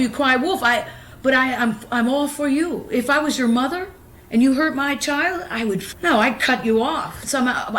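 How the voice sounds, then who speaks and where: A woman in her fifties tells long, wandering stories to an interviewer in her own home. Her voice sits a little high, and she is blunt and profane, often breaking into laughter. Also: a bit bright, slight background noise. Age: 50s. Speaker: actress being interviewed. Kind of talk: candid rambling storytelling.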